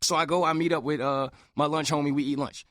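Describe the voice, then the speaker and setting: A young man telling a story on a casual podcast, animated and acting out the other people's lines. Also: a little high, fast, dry recording, clean studio sound. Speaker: podcast host.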